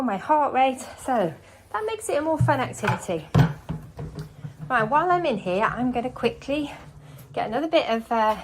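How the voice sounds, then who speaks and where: A woman's voice: on the high side, noisy background. A woman chatting casually while she cleans her house, a bit out of breath and scattered as she narrates each task. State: slightly out of breath. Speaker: home cleaning vlogger. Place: house, indoors.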